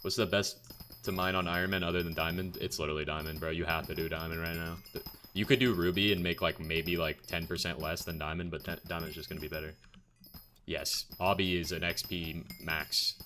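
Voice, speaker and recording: A man's voice: low voice, flat delivery, brisk, pushed and bright, faint music behind. A young man streaming a game, casually and bluntly answering viewer questions in a chatty way.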